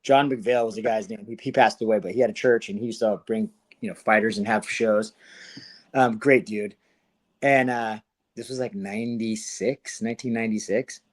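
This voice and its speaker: A man's voice: fairly low pitch, steady tone, moderate pace. A man in his forties from Southern California, a guest fighter telling stories in a casual interview, laid-back and slangy, laughing often as he acts out what people said. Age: 40s.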